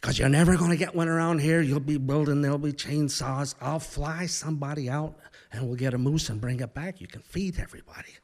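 A man quoting a blunt, practical male bush pilot with an exaggerated Midwestern accent, drawing out his advice slowly. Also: fairly high pitch, darkish tone.

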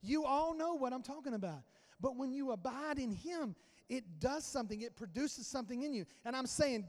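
A man's voice: very high voice, lively intonation, normal speed, in a large hall. A male pastor preaching a conversational sermon and acting out little dialogues. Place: church sanctuary.

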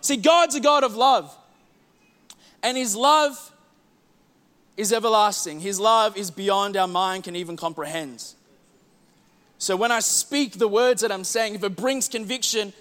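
A man preaches to his congregation in a church hall. His voice sits high and has a bright edge. He moves between ringing declarations and quiet, hushed asides, often repeating words as he builds a point. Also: a little slow, long pauses. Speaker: pastor. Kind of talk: sermon.

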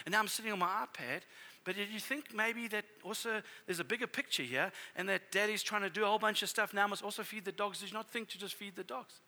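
A middle-aged man preaching a sermon as a pastor, telling family stories in a conversational, animated way. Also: sits high, fast talker, few pauses.

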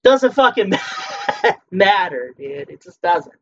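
Drunk podcast host ranting, lively pitch. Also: slow, a little hiss or hum. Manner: profane, heated ranting. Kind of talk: solo ranting monologue. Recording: muffled lo-fi with faint clicks.

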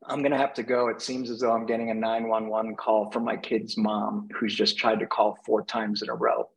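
Male coach, mid-pitched, reflective storyteller who laughs easily. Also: fairly even intonation, fairly quick, creaky, hardly any pauses, low-quality recording. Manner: reflective, laughs often, restarts phrases. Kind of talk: conversational storytelling in a panel talk.

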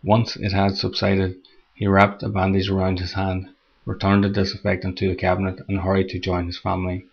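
Low husky male story narrator. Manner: steady, measured reading. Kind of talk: scripted horror story narration. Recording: dull lo-fi recording.

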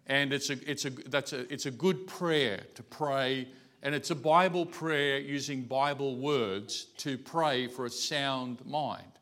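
A man preaching a morning sermon in a conversational way, often restarting his sentences. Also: medium pitch. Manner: conversational preaching with many restarts, softening to a quiet storytelling voice. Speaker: pastor.

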